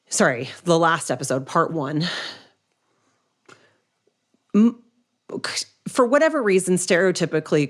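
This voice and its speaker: A woman in her thirties hosting a solo podcast, giving earnest, direct relationship advice with frequent restarts. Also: low voice. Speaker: podcast host, relationship coach.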